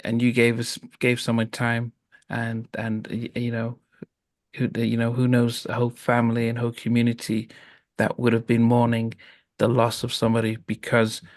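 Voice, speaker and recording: A man with a mid-range voice hosts a relaxed interview, recorded dry and close. He speaks haltingly, restarting his sentences and offering soft murmurs of agreement. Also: mid-range voice, no echo. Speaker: interview host. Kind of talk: casual interview chat.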